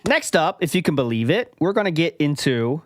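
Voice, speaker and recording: A man with a fairly high voice hosts a stream, chatting loosely and laughing between clips. His voice is close and dry on the mic. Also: very animated, a little fast, no room sound. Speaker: stream host. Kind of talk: casual chat ranking clips.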